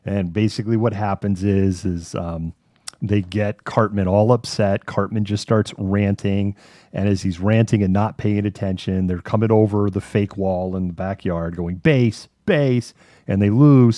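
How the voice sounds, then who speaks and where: A man's voice: on the low side, mellow, dry recording, studio quality. A man co-hosting a live online talk show, rambling casually and swearing as he retells a cartoon episode, putting on voices for the characters. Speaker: podcast co-host.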